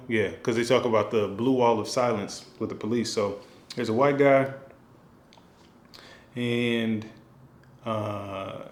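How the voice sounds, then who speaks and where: A man talking casually at a middle pitch, thinking aloud and circling back with fillers and restarts. His voice carries a noticeable echo from the room. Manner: rambling, with many fillers and restarts. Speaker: film director. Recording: echoey room.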